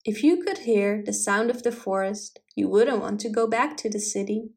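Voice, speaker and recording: A woman voicing a gentle, quiet young boy from the woods, speaking softly, plainly and earnestly. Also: medium pitch, normal speed, natural voice. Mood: sad.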